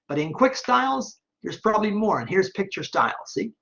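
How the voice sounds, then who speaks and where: A man teaching an online class, talking step by step through a screen-recorded software tutorial and checking in often with "okay?". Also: sits high, big pitch swings, fairly quick, creaky, dull audio. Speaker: online instructor.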